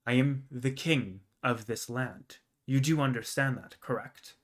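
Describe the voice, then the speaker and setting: A man voicing a stern, commanding middle-aged king who speaks loudly and formally in a fantasy game. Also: medium pitch, a little slow, lightly acted.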